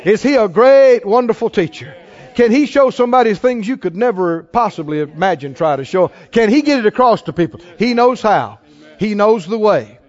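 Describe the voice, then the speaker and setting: A man preaches a sermon to his congregation, leading call-and-response and building up with rising, exhorting rhetorical questions. His voice sits high and is slightly mellow, with lively intonation at a normal speed. The recording sounds dull and lo-fi, with a long hall reverb.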